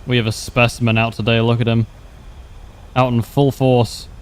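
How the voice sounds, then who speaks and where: Young man, game streamer, casual wry commentary, frequent laughs, middle pitch. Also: flat delivery, moderate pace, slight background noise. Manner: laid-back, wry, laughs often, answers chat questions. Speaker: livestreamer.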